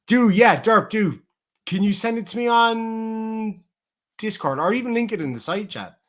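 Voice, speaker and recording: A man's voice: high-pitched, expressive, measured pace. A man hosting a live stream, chatting loosely and profanely while looking back at old clips. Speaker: streamer host. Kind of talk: casual live stream chat.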